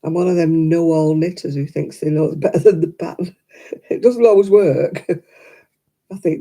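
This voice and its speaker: A woman's voice: fairly low pitch, normal speed, mellow, breathy edge. An older woman with a thick Oldham accent, chatting casually with live viewers while she crochets, opinionated and laughing often. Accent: Oldham, Lancashire. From Oldham, England. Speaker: crochet livestream host. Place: home, crafting at a table.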